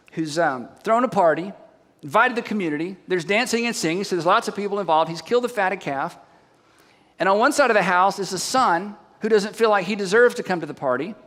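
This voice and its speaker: A man with a high voice delivers a sermon, telling a story in an animated way and firing questions at his listeners. His voice carries a long hall reverb, as if in a church hall. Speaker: pastor.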